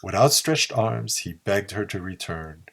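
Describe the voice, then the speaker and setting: A man narrating a pulp story in a slow, measured reading. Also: on the low side, lively intonation, vocal fry, a bit bright. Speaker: audiobook narrator.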